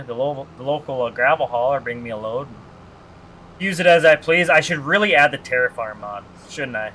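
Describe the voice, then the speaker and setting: A man streams a game and chats easily with his viewers, teasing them and reacting to the chat. His voice is bright and edged, with a faint steady hum of air conditioning behind him. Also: mid-range voice. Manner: chatty, joking, reads chat aloud. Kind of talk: casual live-stream chat.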